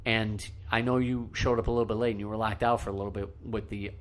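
A man's voice: fairly low pitch, fast talker. A man telling stories in a casual podcast chat, laughing often and swearing freely. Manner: swearing, laughing, animated storyteller. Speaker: podcast co-host.

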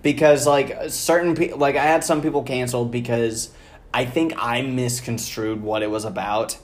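A woman's voice: a bass voice, steady tone, normal speed. A young woman hosting a podcast, chatting casually and playfully and laughing often. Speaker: podcast host.

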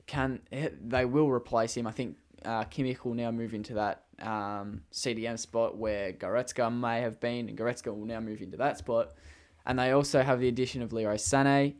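A young Australian man hosting a casual football tipping chat, relaxed and quick to laugh. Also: mid-range voice. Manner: relaxed, leads the segments, laughs easily. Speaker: podcast host.

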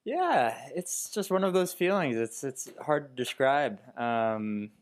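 A young man from Baltimore in his twenties talks as a podcast guest. He speaks haltingly with many fillers, his voice at a middle pitch and often trailing off softly. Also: very animated. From Baltimore, United States. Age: 20s. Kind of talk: casual podcast chat.

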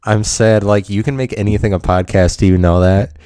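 A man's voice: on the low side, steady tone, a little fast, warm tone, clear, resonant tone, no room sound, clean studio sound. A man hosting a podcast in a rambling solo monologue, self-mocking and profane, laughing often. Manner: profane, provocative. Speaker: podcast host.

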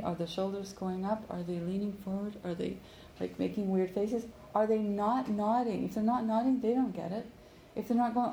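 A woman teaching a conversation class, explaining in lively bursts and acting out listener reactions, in an echoey room. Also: mid-range voice, vocal fry. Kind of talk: classroom coaching. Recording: echoey room with faint background noise.

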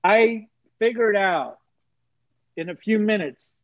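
Man, high voice, heartfelt testimony, preacherly repetition; dry, slightly muffled audio. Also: animated, slow pace, dry recording. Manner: earnest, preacherly, repeats phrases for emphasis. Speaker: guest sharing testimony. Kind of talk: emotional personal testimony.

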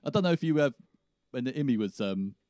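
Quick-talking man, a dad. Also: mid-range voice, lively intonation, warm tone, no echo, clean studio sound. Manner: agreeable, quick, lots of yeahs. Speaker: podcast co-host. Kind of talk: casual chat.

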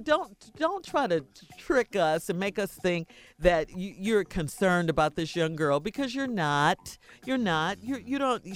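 Blunt, scolding woman radio host. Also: mid-range voice. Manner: blunt, scolding, repeats her points. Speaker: radio co-host giving advice. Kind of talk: call-in radio advice talk.

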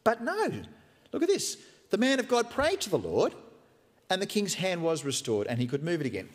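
A man preaches a sermon in a church hall, in a conversational, joking way that keeps slipping into acted-out quotes. His voice sits a touch high and swings widely in pitch. A long hall reverb trails every phrase. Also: huge pitch swings, moderate pace, slight background noise. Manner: conversational and humorous, acting out quotes. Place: church hall with live stream.

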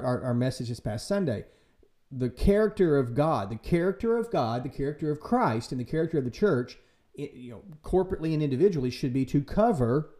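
A man hosting a casual church podcast, talking in a lively way and acting out quoted voices for humor. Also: on the high side. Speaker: podcast host and church leader. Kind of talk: casual faith discussion.

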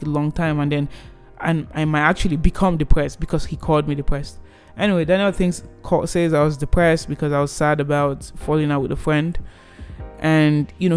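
A young man in his twenties casually telling a personal story, animated and rambling with many restarts. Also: fairly high pitch, clean tone.

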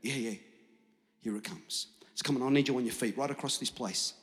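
Speaking a little fast in a mid-range voice, the pastor energetically addresses his church. He keeps slipping into an exaggerated voice to act out the doubter. The large hall gives the sermon a long, trailing reverb.

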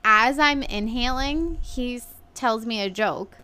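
A woman's voice: a little high, takes it slowly, sharp tone, smooth. A woman in her thirties, a podcast co-host, chatting casually and telling a story with lots of "like", acting out what people said and swearing now and then. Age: 30s. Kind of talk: casual chat.

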